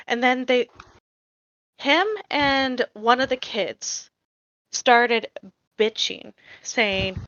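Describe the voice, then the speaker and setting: A woman co-hosting a podcast tells a story in a casual, blunt way, swearing freely and getting heated as she goes. Her voice is bright and forceful. It sits close and dry on a dull, lo-fi mic. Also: a little high, very slow, long pauses, no echo. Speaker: podcast co-host.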